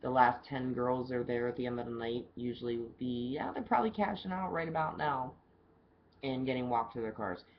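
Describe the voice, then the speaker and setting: A woman's voice: a bass voice, a little fast, slight background noise. A woman working as a bartender, telling stories in a loose, chatty video diary and swearing casually. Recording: dull lo-fi camera audio with faint background ambience.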